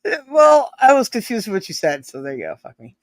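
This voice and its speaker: A woman's voice: fairly high pitch, very animated, fast talker, no echo. A woman co-hosting a livestream in loose, profane, jokey chat. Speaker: livestream co-host.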